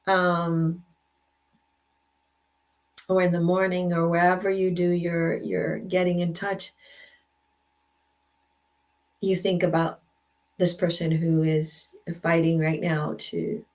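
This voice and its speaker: An older woman hosts a live stream from her computer, with a gravelly edge on her voice. She chats casually and affirms her viewers, often repeating her phrases. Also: on the low side, level tone, slow pace, pauses often, darkish tone. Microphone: computer mic.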